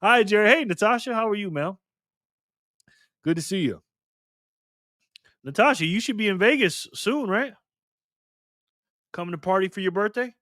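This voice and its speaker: A man's voice: high voice, animated, normal speed, long pauses, bright, forceful tone, no echo, clean studio sound. A man hosting a casual live stream, joking and chatty as he reads donations and chat messages aloud. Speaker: livestream host.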